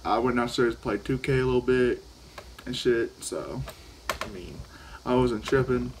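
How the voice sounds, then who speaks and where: Casting: teen boy, medium pitch, loose profane storytelling, keeps restarting sentences. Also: unhurried, noisy background. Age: teens. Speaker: vlogger. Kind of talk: casual storytelling while vaping.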